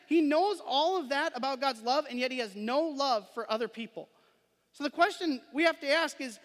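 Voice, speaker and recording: A man's voice: very high-pitched, a bit bright. A man preaching a sermon, reading scripture aloud and then explaining it conversationally, often checking in with the listeners. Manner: asks listeners questions and adds "right?". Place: church sanctuary. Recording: long hall reverb.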